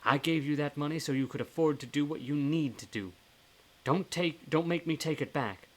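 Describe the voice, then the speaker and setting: A man's voice: mid-range voice, moderate pace, a bit bright, close to an everyday voice. A man reading aloud and voicing a blunt, motherly elderly woman ghost in a put-on accent during a live reading of a horror novel. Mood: scolding. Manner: put-on accent, scolding and teasing.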